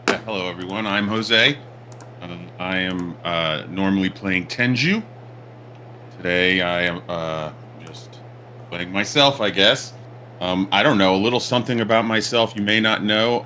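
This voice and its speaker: A man introducing himself as a player, hesitant and deadpan, with many ums. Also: low-pitched, slight background noise. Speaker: tabletop game player. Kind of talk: casual self-introduction.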